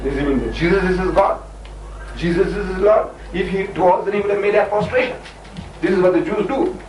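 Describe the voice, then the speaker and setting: A man's voice: high-pitched, a little fast, a little mellow. A man arguing his case in a debate, emphatic and argumentative, often acting out the people he quotes. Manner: emphatic, argumentative, acts out voices when quoting. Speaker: religious debater. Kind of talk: lively debate with dramatized quotes. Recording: echoey room, far from the mic, faint noise.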